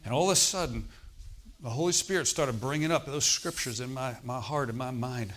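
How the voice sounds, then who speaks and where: Speaking a little fast, a preacher with a medium-pitched, fairly bright voice recounts his personal testimony. He keeps it conversational, often turning to the congregation with "Okay?"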